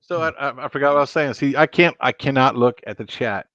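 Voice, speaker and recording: A man's voice: medium pitch, fast, fairly bright tone, no room sound. Man, live stream host, jokey, reads chat aloud, dry dull lo-fi laptop sound. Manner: jokey, keeps reading out viewer chat and counts. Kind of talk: casual late-night live stream chat.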